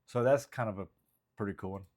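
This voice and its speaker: A man comedian casually thinking out loud about his jokes, rambling with plenty of hesitant fillers. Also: lowish voice, quick pace. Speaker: stand-up comedian writing jokes. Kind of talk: casual vlog thinking aloud.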